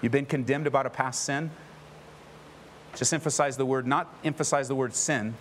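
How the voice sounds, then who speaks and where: A man's voice: medium pitch, fairly quick, a little hiss or hum. A man preaching a sermon as a pastor, impassioned and emphatic, repeating phrases for emphasis. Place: church.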